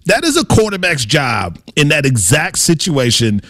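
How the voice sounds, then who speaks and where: A man co-hosting a sports talk radio show, excitable and playful. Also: on the high side, moderate pace, dry recording, studio quality.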